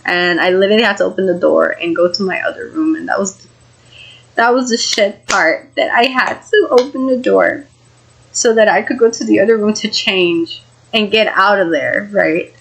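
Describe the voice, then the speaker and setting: A woman's voice: medium pitch, normal speed, gravelly, poor audio. A young woman telling a frightening true story in a casual, rambling vlog, full of fillers and the odd swear word, sounding shaken. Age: young adult. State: shaken, emotional. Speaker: vlogger.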